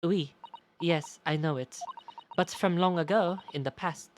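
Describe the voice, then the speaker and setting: A man's voice: fairly high pitch, measured pace, music in the background, natural voice. A man voicing a fussy older French woman who runs a wax museum, with a put-on French accent and a hesitant, flustered way of talking. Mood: fretful.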